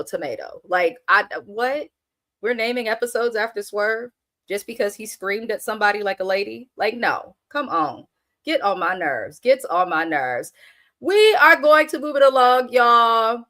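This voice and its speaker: A woman, hosting a live, casual reality TV recap in a blunt, animated and profane way. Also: mid-range voice. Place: at work on a lunch break.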